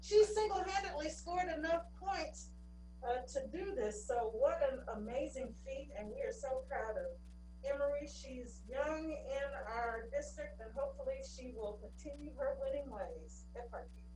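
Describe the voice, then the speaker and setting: Woman hosting an awards thing, real gushy, higher voice, echoey room far from the mic, bit of hum. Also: lively intonation, normal speed, dark tone. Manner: effusive, enthusiastic praise. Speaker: district co-host. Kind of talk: ceremony presenting on a video call.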